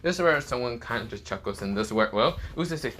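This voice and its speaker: Brief: man telling a fan story off the cuff, rambling, mid-pitched. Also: lively intonation, quick pace, bright, forceful tone, slight background noise. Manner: rambling, many fillers and restarts, swearing. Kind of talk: casual improvised story narration.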